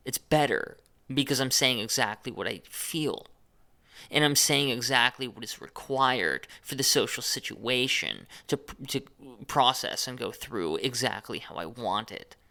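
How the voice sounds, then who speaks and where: A man speaks alone in a deliberate, chopped monologue, leaning hard on the words he means to stress. His pitch swings widely from phrase to phrase, and his voice has a gravelly edge. The tone is bright and forward. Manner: chopped, overly emphasized phrasing; unedited, speaks off the cuff. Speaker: channel host.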